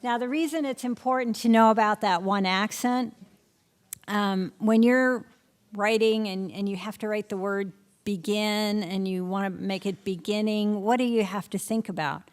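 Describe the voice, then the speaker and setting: A middle-aged woman teaching spelling rules to a room of teachers, firing quick questions and often answering them herself. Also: mid-range voice. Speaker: literacy instructor. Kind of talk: spelling lesson to an audience of teachers.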